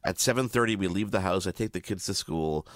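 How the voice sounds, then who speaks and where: Lively storytelling man, low voice. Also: brisk, dry recording, studio quality. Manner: animated storyteller, acts out his own panic. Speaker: podcast co-host. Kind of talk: casual storytelling chat.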